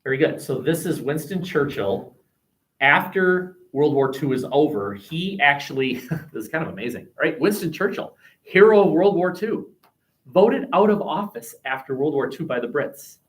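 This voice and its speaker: Animated American history teacher in class. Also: male voice, fairly high pitch, normal speed. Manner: lively, chatty, digressive, many restarts. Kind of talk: classroom discussion. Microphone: webcam.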